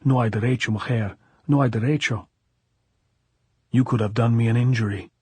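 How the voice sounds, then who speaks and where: A man voicing a belligerent drunken townsman who shouts in hoarse bursts, in an audiobook reading. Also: medium pitch, fairly even intonation, normal speed. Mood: aggrieved. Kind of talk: audiobook character voice.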